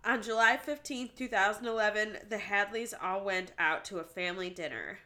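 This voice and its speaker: A bright, clear woman hosting a true-crime podcast in an easygoing, chatty way. She reads from her notes with a steady mid-range voice. She breaks off now and then for a wry aside. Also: medium pitch, normal speed. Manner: reads case notes, jokes and laughs between facts. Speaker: podcast co-host.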